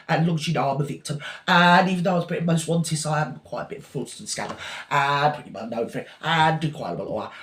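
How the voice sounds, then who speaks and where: A man's voice: fairly high pitch, a bit bright, reverberant. A man playing a self-pitying, rambling gossip and scammer who insists he is always the victim, in a satirical monologue. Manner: rambling, breathless, circular storytelling. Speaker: parody performer.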